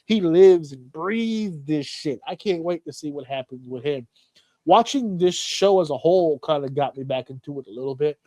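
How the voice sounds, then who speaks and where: Speaking at a moderate pace in a slightly high voice, this podcast host chats casually and tells profane, animated stories, acting out the shouts. No room sound comes through.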